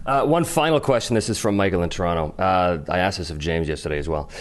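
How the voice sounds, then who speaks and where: A man hosting a podcast, reading out listener questions, playful and quick to laugh. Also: low-pitched. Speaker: podcast host.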